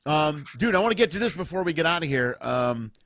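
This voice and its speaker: Man, middle-aged, quick lively host, dry close sound. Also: a little high, no echo. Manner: animated storyteller, acts out voices. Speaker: podcast host. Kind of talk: casual chat. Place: home, remote video chat.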